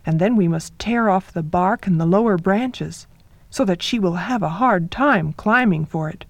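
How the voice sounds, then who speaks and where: A woman's voice: lowish voice, normal speed, no room sound. A woman voicing a swift, keen-eyed male eagle who protects his sister, in a storybook folktale. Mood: scheming.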